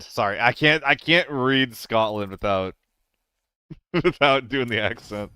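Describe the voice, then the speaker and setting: A man streaming a game live, chatting casually with viewers, laughing often and swearing when he gets excited. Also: mid-range voice, slow, clean tone, dry recording, clean studio sound. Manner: excitable, laughing and swearing between relaxed chat.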